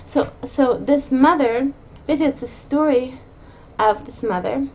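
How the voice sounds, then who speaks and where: A woman's voice: high voice, a little mellow. A woman hosting a pep talk for mothers, speaking earnestly off the cuff and often restarting her phrases. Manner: earnest, repeats and restarts phrases, rushes in bursts. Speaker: podcast host giving a pep talk to mothers. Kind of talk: unscripted monologue.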